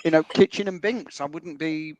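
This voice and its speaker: A man's voice: a little high, normal speed, darkish tone, dull audio. A man co-hosting a football fan podcast, thoughtful and hesitant with frequent ums. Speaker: podcast co-host. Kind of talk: casual fan podcast chat.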